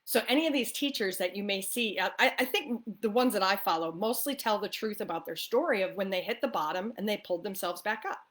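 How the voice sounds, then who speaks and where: A woman's voice: medium pitch, animated, a little fast, hardly any pauses, a bit bright. A woman who is a spiritual life coach, talking to camera in a casual coffee-talk monologue. She is upbeat and chatty, often tosses in "right?" and laughs easily. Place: the East Coast of the US.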